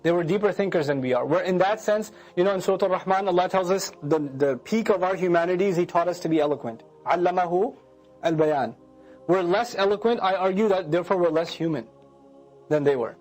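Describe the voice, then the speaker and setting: A man with a bright, high-pitched voice lectures on scripture with lively energy. He recites Arabic verses and acts out emotions as he explains. Soft music plays faintly underneath. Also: brisk. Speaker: Quran lecturer.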